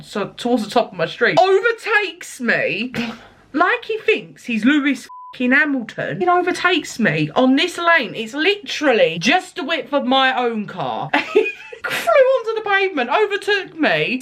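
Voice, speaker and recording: A woman's voice: fairly high pitch, a bit bright. A woman telling a rambling story to her vlog audience, chatty, laughing and swearing along the way. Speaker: vlogger.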